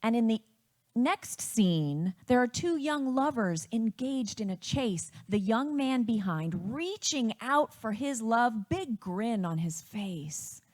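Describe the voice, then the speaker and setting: A woman from Wisconsin telling a personal family story in a reflective, unhurried way. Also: fairly high pitch, lively intonation, darkish tone.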